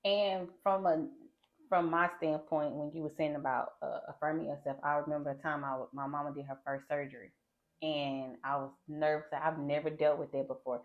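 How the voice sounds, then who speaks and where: Female host, deep-set voice, lively storyteller, muffled recording. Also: normal speed. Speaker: podcast host. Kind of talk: casual storytelling chat. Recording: slightly dull lo-fi sound.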